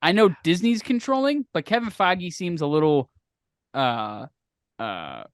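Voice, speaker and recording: A man's voice: a little high, very animated, measured pace, no echo. Man, podcast co-host, casual rambling chat, lots of fillers, dry close sound. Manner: rambling, filler-heavy, searches for words.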